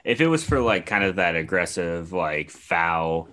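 A man's voice: low voice, animated, a little slow, sharp tone. A man co-hosting a casual sports podcast, talking loosely, swearing freely and laughing often. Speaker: podcast co-host.

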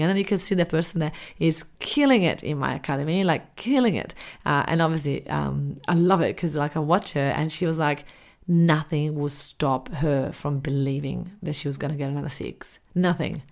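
A middle-aged woman with a low voice and a gravelly edge speaks straight to her listeners as a business coach. She talks casually and with plenty of energy, jumping up into the voices of her own past reactions. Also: normal speed. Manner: animated, acts out her own reactions in quotes. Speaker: business coach and podcast host. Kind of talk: casual monologue.

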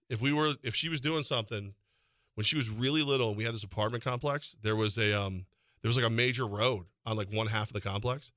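Radio sports guy in his 40s, punchy bright voice, teasing and animated, dry studio sound. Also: mid-range voice, no room sound. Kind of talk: casual sports radio banter. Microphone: studio microphone.

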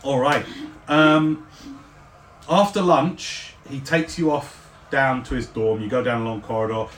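A man narrating a tabletop game as game master, relaxed and rambling with fillers. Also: mid-range voice, a little slow. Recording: echoey room, faint background noise.

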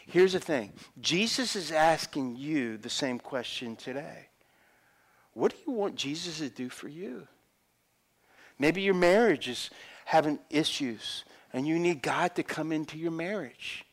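A middle-aged man preaching a sermon as a pastor, acting out the voices of people in the Bible story. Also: fairly high pitch.

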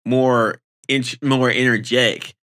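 A man talking casually as a podcast co-host, his bright, forceful voice leaping high whenever something excites him. He speaks with lively swings in pitch. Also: takes it slowly. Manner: animated, pitch jumps when excited. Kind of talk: casual chat.

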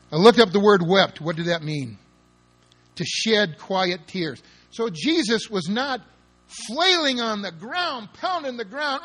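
A man preaching with a fairly high voice and an emphatic, dramatic style. He leans hard into key words, spells them out, and acts out the scenes he describes for his listeners. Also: a bit bright, breathy edge. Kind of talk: sermon.

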